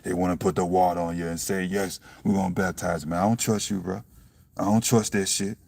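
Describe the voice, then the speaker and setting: A young man with a low, gravelly voice talks about faith in a loose, blunt way, swears freely and keeps checking in with "you see what I'm saying." He bursts into loud laughs now and then. The sound is dry and comes from a little way off the mic. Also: fairly even intonation, brisk, no echo, far from the mic. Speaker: self-styled preacher vlogger. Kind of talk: casual spiritual monologue.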